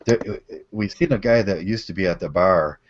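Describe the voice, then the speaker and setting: A man's voice: deep voice, moderate pace. A man hosting a casual chat, telling crude stories with frequent laughter. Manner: storytelling with laughs and crude language. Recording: dull lo-fi audio.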